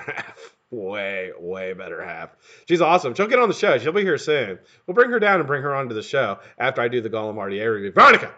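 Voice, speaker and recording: Loud and excitable, a man runs a live stream with a bright voice that bounces up and down in pitch, shouting greetings to viewers by name. He curses freely, laughs often at his own stories, and keeps the chat casual, all on dull lo-fi audio.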